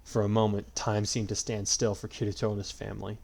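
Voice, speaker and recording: Low gravelly male storyteller. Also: monotone, a little fast, darkish tone. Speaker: narrator. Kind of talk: fan-fiction story reading.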